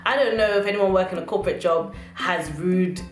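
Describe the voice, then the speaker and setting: A young woman ranting casually to camera in a sassy, animated way and acting out customers and managers as she talks. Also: on the low side, a little fast. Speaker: vlogger. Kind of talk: casual storytelling rant to camera. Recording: echoey room with faint music.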